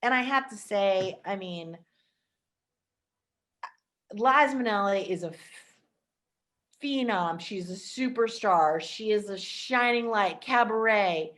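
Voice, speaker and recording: A woman hosting a podcast, chatting enthusiastically about films with quick asides. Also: medium pitch, fairly bright tone. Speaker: podcast host. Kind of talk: casual film chat.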